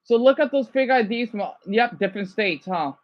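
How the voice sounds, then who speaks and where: A man's voice: high voice, expressive, normal speed, muffled recording. A man from Arizona reacting to a news clip, ranting heatedly with lots of swearing and rambling asides. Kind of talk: profane reaction rant.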